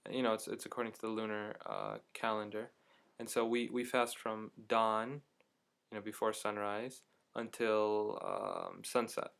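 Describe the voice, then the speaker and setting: A young man casually telling a story to his camera at home, chatty and animated, with many fillers. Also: lowish voice, unhurried, vocal fry, clean tone. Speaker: vlogger.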